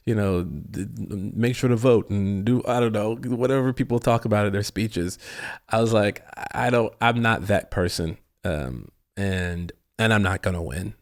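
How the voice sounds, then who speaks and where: Animated man telling a story. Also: lowish voice, moderate pace. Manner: animated storyteller who acts out his own reactions; rambling with frequent restarts and laughs. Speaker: actor and guest. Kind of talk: casual interview conversation.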